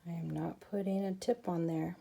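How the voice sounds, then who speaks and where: Chatty woman crafter talking viewers through a project; lowish, warm, slightly gravelly delivery. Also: fairly even intonation, moderate pace. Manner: chatty, talks to viewers while working. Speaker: crafting channel host. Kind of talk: casual craft tutorial narration.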